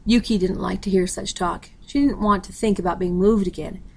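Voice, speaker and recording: A woman's voice: medium pitch, steady tone, fairly quick, gravelly, slight background noise, poor audio. A woman steadily reading a novel aloud, announcing page numbers. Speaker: audiobook reader.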